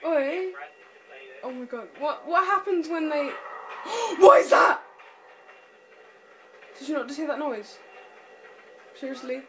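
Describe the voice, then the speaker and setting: Her high-pitched voice is animated and a bit bright, a little slow, with frequent pauses. Scared and jumpy during a horror game with friends, the young woman chats casually and lets out screams and nervous laughter, recorded noisily at home.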